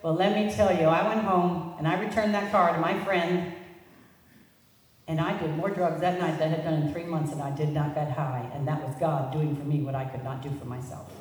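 A middle-aged woman sharing a personal recovery testimony with an audience, telling her story in an animated way and laughing at herself. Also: low-pitched, a little fast, slight background noise. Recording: echoey hall, mic far off.

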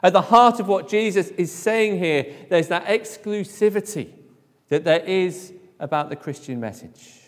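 A man preaches from the pulpit in a fairly high voice. He speaks emphatically and lets his phrases sink to a near hush. His words ring out in a long, echoing church-hall reverb. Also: animated, measured pace. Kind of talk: sermon.

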